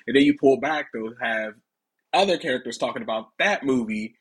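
A man's voice: medium pitch, animated, quick pace, fairly bright tone. A man co-hosting a casual movie review podcast, recapping scenes in an easygoing, rambling way. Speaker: podcast co-host.

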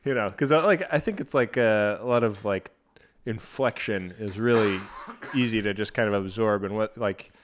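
A man's voice: fairly low pitch, moderate pace, a little hiss or hum. A man hosting a casual podcast chat, playful and teasing in his asides. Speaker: podcast host.

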